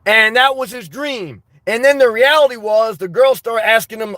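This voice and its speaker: A man's voice: very high voice, moderate pace, hardly any pauses, sharp tone, dry recording. A man hosting a livestream, talking off the cuff as he reads chat, blunt and crude and full of restarts. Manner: rambling and off-the-cuff, with frequent restarts. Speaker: livestream host reading chat. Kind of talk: casual live-chat talk.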